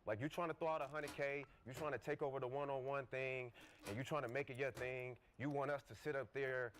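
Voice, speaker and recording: A man's voice: mid-range voice, steady tone, brisk, fairly bright tone. A man co-hosting a casual couch podcast, trash-talking and challenging someone, with lots of "like" fillers. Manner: confrontational trash talk, fillers of "like". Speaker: podcast co-host. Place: studio couch.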